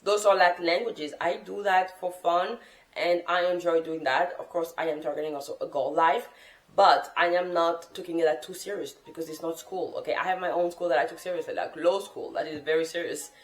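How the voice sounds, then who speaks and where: A woman's voice: lowish voice, fairly even intonation, a little fast, reverberant. A woman and non-native English speaker, rambling in an unscripted, casual vlog talk from the floor of her room. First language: not English. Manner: rambling, chatty, self-correcting. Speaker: language-learning vlogger. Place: sitting on the floor in a room at home. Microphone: camera mic.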